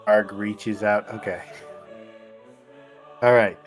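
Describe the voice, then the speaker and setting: A man playing in a tabletop game, talking things through slowly and haltingly. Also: lowish voice, fairly even intonation, soft background music. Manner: slow, halting, thinks aloud. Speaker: player. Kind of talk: casual table talk.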